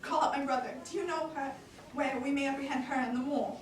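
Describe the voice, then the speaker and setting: A woman playing an angry, proud old male senator in an amateur Shakespeare reading, shouting indignant commands, with audience laughter in an echoey room. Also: sits high, quick pace, far from the mic, a crowd in the background, lightly acted. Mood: alarmed.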